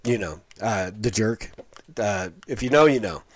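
A man's voice: on the low side, animated, unhurried. Rambling middle-aged male commentator. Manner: rambling, full of fillers and restarts. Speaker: online commentator on preachers. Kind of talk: casual video commentary.

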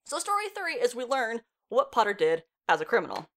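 A woman's voice: a little high, wildly swooping pitch, brisk, a bit bright. A woman in her twenties retelling a story in a casual, chatty way, swearing freely and laughing often. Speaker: show reviewer. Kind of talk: casual plot recap.

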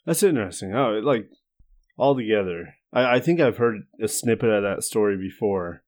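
A man's voice: fairly low pitch, lively intonation, moderate pace, darkish tone. A man chatting casually on a podcast, adding wry, joking asides. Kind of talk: casual chat.

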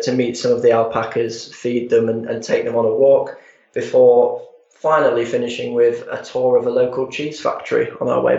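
A man's voice: mid-range voice, vocal fry. A man describing a tour itinerary in casual interview talk, hesitant with many fillers. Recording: muffled, roomy.

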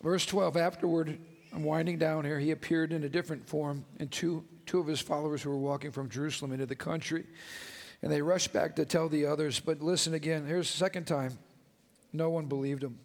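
A man's voice: fairly high pitch, fairly even intonation, fairly quick, creaky, big-room sound. A male pastor preaching a passionate, exclamatory sermon to his congregation in a church sanctuary.

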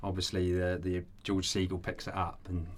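A man with a very low voice chats casually about films as a podcast panelist. He talks with enthusiasm but stumbles and restarts often. A faint hiss sits under the recording. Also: monotone, normal speed. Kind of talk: casual film chat.

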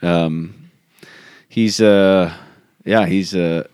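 Man, Catholic priest, podcast co-host, lowish voice, relaxed joking banter, dry close studio mic. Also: extremely slow, clean tone, dry recording. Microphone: studio microphone with pop guard.

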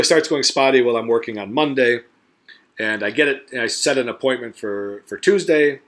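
A man's voice: mid-range voice, fairly bright tone. Foul-mouthed man telling a rambling story. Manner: profane, rambling, acts out quoted voices. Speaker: podcast co-host. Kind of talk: casual storytelling chat.

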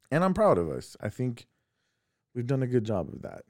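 A man co-hosting a podcast from home, telling personal family stories in a casual, animated way. He laughs often and acts out the voices of the people in his stories. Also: medium pitch, normal speed, no echo, studio quality. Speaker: podcast co-host.

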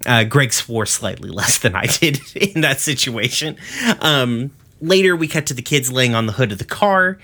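A man hosting a podcast walks through an episode in a loose, rambling recap. He swears freely and leans on fillers between thoughts. His voice is bright and forceful at a middle pitch. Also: expressive, normal speed. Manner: rambling, profane, lots of fillers. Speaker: podcast host.

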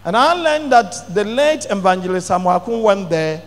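High-voiced preacher in a big echoing hall. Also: male voice, sing-song, moderate pace. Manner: dramatic storytelling, bursts into shouts. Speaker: pastor. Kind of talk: sermon testimony. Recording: long hall reverb.

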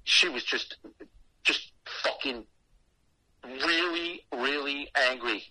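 A man's voice: medium pitch, takes it slowly, pushed and bright, no room sound, poor audio. A man telling a story casually and animatedly, with lots of swearing.

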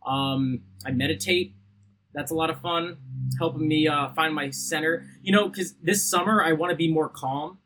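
A man's voice: on the high side, steady tone, moderate pace, fairly bright tone, a little hiss or hum. A man co-hosting a podcast, joking crudely and laughing often in casual chat. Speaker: podcast co-host.

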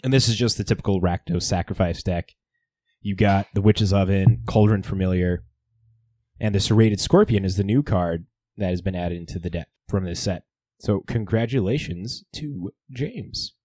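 A man's voice: low-pitched, moderate pace, no echo, studio quality. A man hosting a casual podcast, talking loosely with frequent swearing and laughter. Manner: lively, swears and laughs often. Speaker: podcast host. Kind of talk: casual chat.

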